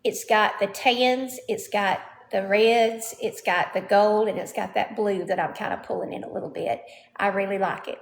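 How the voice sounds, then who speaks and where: A woman's voice: mid-range voice, steady tone, normal speed, gravelly, slight background noise. A woman giving a casual show-and-tell of her home furnishings, chatty and often checking in with the viewer. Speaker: home vlogger. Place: indoors at home.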